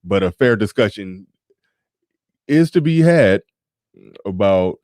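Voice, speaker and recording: A man's voice: fairly low pitch, animated, takes it slowly, long pauses, a little mellow, dry recording, clean studio sound. A man hosting a casual livestream, talking bluntly and profanely with laughs and sarcastic asides while reading viewer super chats. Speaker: livestream show host.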